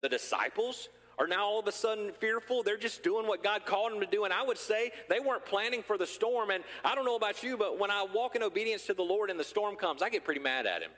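A man preaching a sermon as pastor, animated and joking, acting out scenes from the story. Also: high-pitched, quick pace, hardly any pauses, big-room sound.

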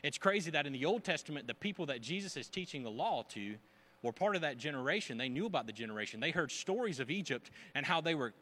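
A man preaching a sermon as pastor, emphatic, swinging between loud bursts and hushed asides. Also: a little high, animated, fast, a little hiss or hum.

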